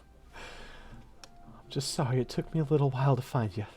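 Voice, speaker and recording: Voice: medium pitch, moderate pace, mellow, slightly rough. A game master voicing a tender woman reunited with a loved one, who halts and stumbles over her words.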